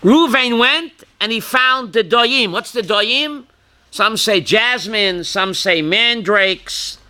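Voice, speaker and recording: A man's voice: high voice, takes it slowly. A man, a rabbi leading a Torah class, quizzing his listeners by name and now and then raising his voice to drive a point home. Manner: calls on listeners by name, asks questions, bursts loud.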